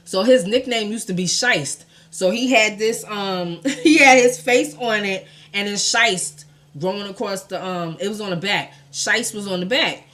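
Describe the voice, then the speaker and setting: New york girl telling a story to y'all, bright sharp voice, cusses a lot, no filter. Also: medium pitch, measured pace. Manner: blunt and profane, talks straight to "y'all". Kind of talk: casual storytime vlog.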